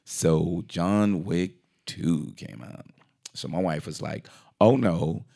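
A man casually retelling a movie plot in a rambling, animated way, slipping into quoted voices and restarting his sentences. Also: low voice, takes it slowly, vocal fry. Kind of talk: casual movie recap chat.

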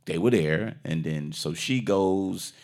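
A man in casual chat, retelling a story with lots of swearing and quick acted-out quotes of what people said. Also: deep voice. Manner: swearing freely, acting out quotes in animated voices.

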